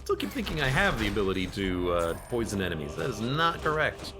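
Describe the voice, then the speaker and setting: A man with a fairly low, sing-song voice streams a game and talks briskly over the game music. He's chatty, cracking jokes at the game and at his own expense for himself and his viewers.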